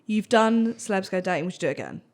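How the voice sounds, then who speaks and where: A woman's voice: mid-range voice, expressive, fast talker. A woman hosting a podcast in casual chat, teasing her guest and laughing through her banter. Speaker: podcast host.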